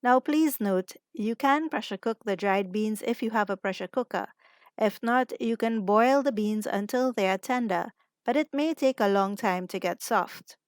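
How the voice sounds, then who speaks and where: A woman, the host of a cooking channel, giving calm step-by-step narration over a recipe. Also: medium pitch, no echo, studio quality.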